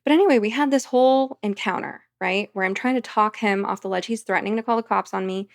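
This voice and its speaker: A woman's voice: mid-range voice, quick pace, vocal fry. A woman, a podcast guest, telling a vivid story in casual conversation. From United States.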